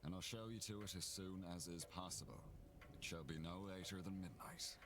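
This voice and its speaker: A man voicing a formal, unhurried hotel manager in a video game, with a slight Irish accent. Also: low-pitched, noisy background, lightly acted.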